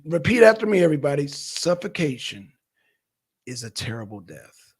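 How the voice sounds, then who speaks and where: A man doing loud, animated political commentary on a live stream, with theatrical gasps and mock panic. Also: a little high, normal speed, breathy edge. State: dizzy, out of breath after holding breath. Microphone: camera mic.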